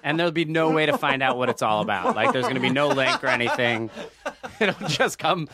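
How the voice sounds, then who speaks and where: A man, a comedian guest, telling stories in a relaxed, rambling way in casual podcast chat. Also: mid-range voice, a little fast, a loud crowd. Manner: laid-back, rambling storyteller.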